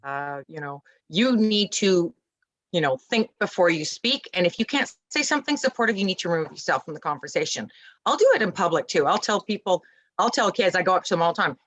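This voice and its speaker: A woman guest in a casual interview, talking about parenting in an animated, emphatic way and acting out little dialogues. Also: on the low side, fairly quick, no room sound, rough recording.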